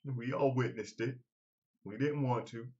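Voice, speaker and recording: A man's voice: mid-range voice, measured pace, darkish tone, slightly rough, highs cut off. A man chatting casually as a podcast host, loose, rambling and profane. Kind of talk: casual chat.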